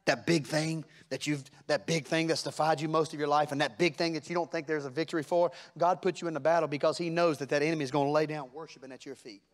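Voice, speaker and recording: A man's voice: fairly high pitch, fairly even intonation, quick pace, few pauses. A man preaching a sermon, folksy and plain-spoken, building to fervent rhetorical questions. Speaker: pastor.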